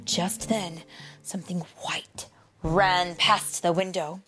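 A woman reading a children's storybook aloud in an expressive way, with dramatic pauses and the odd question to young listeners. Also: on the low side, faint music behind.

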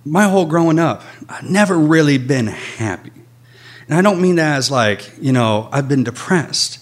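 A man telling a personal story on stage before an audience, in a candid, animated way with a lot of swearing. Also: a little high, normal speed.

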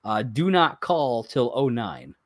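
A man's voice: mid-range voice, big pitch swings, takes it slowly, no room sound. Man, podcast co-host, casual chat, reads from a list, rambling, chuckles.

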